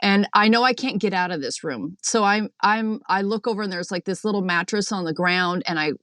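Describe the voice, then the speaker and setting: A woman calling in from a boat, telling her dream in a chatty, animated way with lots of fillers, acting out what people said. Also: mid-range voice, a little fast, no room sound, studio quality. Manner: chatty, animated storyteller, many fillers, acts out quotes. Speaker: caller. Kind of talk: recounting a dream on a call-in show.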